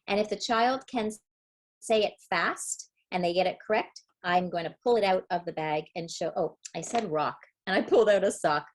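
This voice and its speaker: Woman teaching early reading skills. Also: lowish voice. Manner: explanatory, demonstrates word sounds slowly. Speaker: literacy educator. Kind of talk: webinar presentation. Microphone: webinar computer mic.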